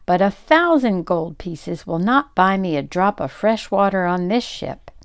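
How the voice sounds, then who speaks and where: A woman's voice: mid-range voice, lively intonation, unhurried, smooth, no room sound, clean studio sound. An older woman voicing a distraught, exclaiming French immigrant man in a storybook reading. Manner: exclaiming, dramatic.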